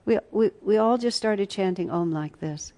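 A woman's voice: mid-range voice, normal speed. A woman teaching a spiritual retreat class, telling personal stories in an earnest, reflective way. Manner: reflective, earnest storytelling with soft asides.

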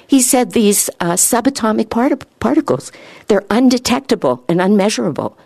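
A woman giving an informal spiritual talk, earnest and rambling, her voice lifting higher when she gets excited. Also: moderate pace, vocal fry, dry recording. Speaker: spiritual speaker.

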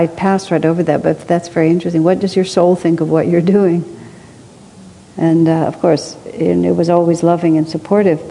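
A woman telling stories in a reflective spiritual discussion, thoughtful, with asides and soft laughs. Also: fairly low pitch, creaky, husky. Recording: long hall reverb.

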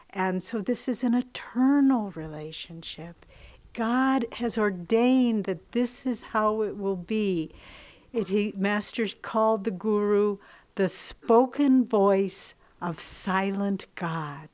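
A woman giving a devotional talk as a spiritual teacher. She speaks slowly and leaves long pauses, in a voice of middle pitch. Her manner is reflective and earnest as she tells her stories. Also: a little mellow. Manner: slow, reflective, earnest storytelling.

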